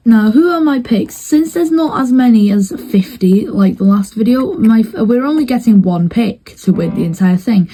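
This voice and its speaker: A woman's voice: mid-range voice, lively intonation, normal speed, dark tone, poor audio. A woman giving casual, rambling commentary on a game as she watches, hesitant and full of fillers and restarts. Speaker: video host commentating a map simulation.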